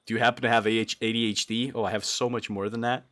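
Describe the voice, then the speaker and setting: A young man from Brazil chatting on a livestream, sleep deprived, giggly and rambling, dropping to mumbles and jumping to loud yelps. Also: fairly low pitch, level tone, fast talker. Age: young adult. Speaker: streamer. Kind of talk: casual livestream chat.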